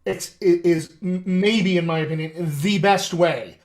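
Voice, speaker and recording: A man's voice: sits high, fairly even intonation, unhurried, darkish tone. A man hosting a casual live-stream chat as a dialect coach, talking in a chatty, upbeat way with folksy asides.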